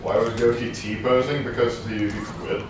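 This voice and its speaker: A man's voice: medium pitch, steady tone, normal speed. A man joining a game stream's chat with dry, teasing quips. He sounds set back from the mic in a very echoey space. A faint hiss runs underneath. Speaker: co-host in voice chat. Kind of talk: casual gaming banter. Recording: echoey, distant voice, faint noise.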